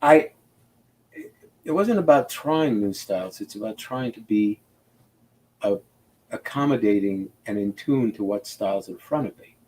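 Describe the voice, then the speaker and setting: An older man who works as a comic book inker, talking casually over a video call in a rambling, animated way, full of restarts. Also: lowish voice, measured pace, long pauses, slight background noise.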